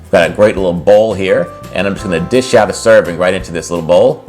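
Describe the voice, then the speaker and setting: A man's voice: low voice, quick pace, a little mellow, soft background music. A man hosting a cooking video, casually explaining a recipe step by step and then tasting it. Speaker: cooking channel host.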